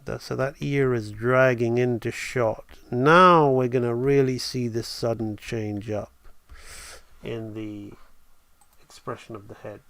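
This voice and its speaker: A man's voice: mid-range voice, fairly even intonation, slow pace, fairly bright tone. A man teaching animation on a live stream, enthusiastic and thinking aloud as he draws. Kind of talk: live-streamed drawing tutorial.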